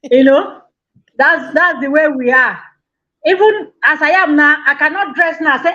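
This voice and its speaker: A woman's voice: sits high, bright, forceful tone. Hesitant Nigerian woman caller, muffled. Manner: hesitant, halting. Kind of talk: call-in story.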